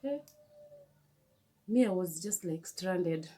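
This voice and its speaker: A young woman with a Kenyan accent, telling a storytime vlog in an animated, emotional way with many restarts. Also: fairly low pitch, slow. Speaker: vlogger.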